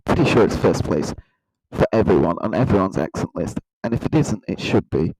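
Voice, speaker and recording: A man with a Nottinghamshire accent delivering a deadpan, rambling satirical monologue. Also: low voice, a little fast, noisy background. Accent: Nottinghamshire English. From Nottinghamshire, England. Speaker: comedy video host.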